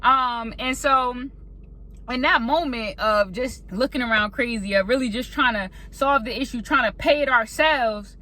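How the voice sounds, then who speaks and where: A woman telling a casual, animated faith story as a vlogger, sometimes acting out panicked voices. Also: a little high, a little slow. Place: indoors at a laptop.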